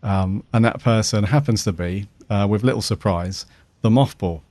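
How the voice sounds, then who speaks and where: A man's voice: fairly low pitch, moderate pace, darkish tone, no echo. A man hosting a podcast, talking casually with lots of hesitation and restarts. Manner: hesitant, many ums and restarts. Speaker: podcast host.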